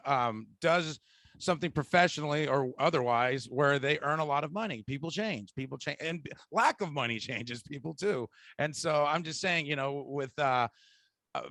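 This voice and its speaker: A man's voice: on the high side, bright, forceful tone, no echo. A man, a stand-up comedian, chatting on a podcast, rambling through long questions with many fillers. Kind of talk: casual podcast chat.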